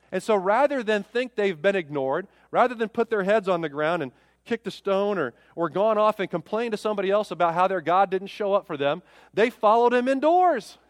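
A middle-aged man preaching with a high voice, driving home his points with rhetorical questions that swell and drop. His voice comes across dry and close, with a long reverb tail from a large hall behind it. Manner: impassioned, rising and falling preaching with rhetorical questions. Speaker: pastor. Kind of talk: sermon.

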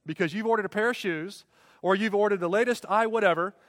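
A man's voice: sits high, quick pace, fairly bright tone, no room sound, clean studio sound, in a large hall. A man preaching a sermon as pastor, emphatic, with rhetorical questions and repeated refrains.

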